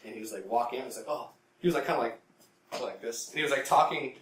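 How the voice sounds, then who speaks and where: A man's voice: mid-range voice, quick pace, a bit bright, far from the mic, a little hiss or hum. Rambling profane man in an echoey room. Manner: rambling, profane, heavy use of "like", mimics people in the story. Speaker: podcast co-host. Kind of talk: casual storytelling chat.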